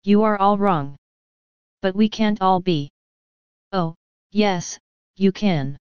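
A woman's voice: mid-range voice, slow pace, clean tone, dry recording, highs cut off, close to an everyday voice. Hearty police inspector, as a woman reads him. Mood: brisk. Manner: confident, jovial.

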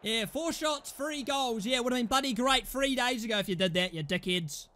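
A young man commentating his own football management game, raging and swearing loudly at his players. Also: very high-pitched, fairly quick. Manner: furious, swearing, shouting at players. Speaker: gaming YouTuber. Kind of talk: live gameplay commentary.

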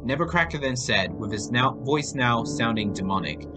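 A man's voice: mid-range voice, moderate pace. A man narrating a homemade horror story aloud. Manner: reading aloud, animated. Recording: faint music behind voice.

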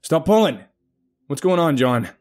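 A man playing an experienced cave rescuer who talks in a brisk, impatient way. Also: mid-range voice, mellow, voice pushed up, lightly acted. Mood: urgent.

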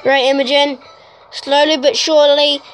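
A woman playing a video game and giving casual, excitable commentary to her viewers, exclaiming at each crash. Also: high voice, moderate pace, faint music behind. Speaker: gaming YouTuber. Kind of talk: casual let's-play commentary.

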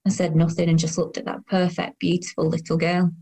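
A woman's voice: on the low side, monotone, brisk, mellow, husky. An actress as a dry, weary woman of thirty-two. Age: 30s. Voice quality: dry, sardonic inner voice. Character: weary, self-conscious woman of 32, quietly sardonic. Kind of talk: first-person audio drama narration.

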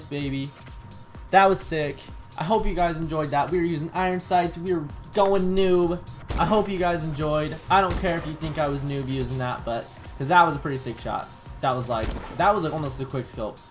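A man talks over his own gameplay in a chatty, excitable way, jumping from surprise to self-mocking jokes. His voice sits a little high for a man. Steady background music plays clearly under him. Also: fairly quick. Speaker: gaming YouTuber. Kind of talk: live gameplay commentary.

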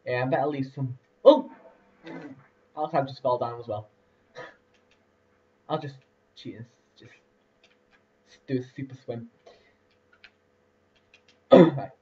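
A man's voice: mid-range voice, slow pace, pauses often, dark tone, a little hiss or hum. A young man casually commentating a building game, rambling with lots of fillers and laughs. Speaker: let's play host. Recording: distant lo-fi mic.

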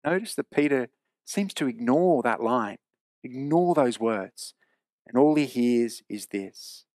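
A man preaching a sermon in a church, earnest and emphatic, slowing down to repeat key phrases. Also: medium pitch, lively intonation, a little mellow, no room sound, clean studio sound.

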